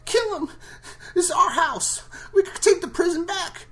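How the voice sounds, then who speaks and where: A man putting on the voice of a frantic grown man, yelling in a shrill, high-pitched voice. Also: moderate pace. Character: frantic adult man urging a killing.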